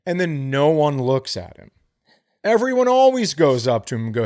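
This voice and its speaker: A man co-hosting a podcast in casual chat, going off on loud, profane, comic rants. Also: on the high side, very animated, moderate pace. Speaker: podcast co-host.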